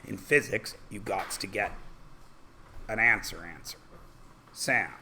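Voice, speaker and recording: A male math teacher leads an algebra review in a classroom, working each step slowly and throwing questions at his students. His voice is fairly low but bright, with faint room ambience behind it. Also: a little hiss or hum. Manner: walks students through steps with questions.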